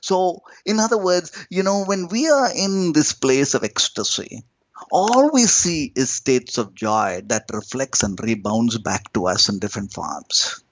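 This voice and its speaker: A man's voice: big pitch swings, dull audio. Man teaching spiritual practice, swooping intonation. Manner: slow, emphatic, lilting with sudden rises and drops in pitch and loudness. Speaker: spiritual teacher, podcast guest.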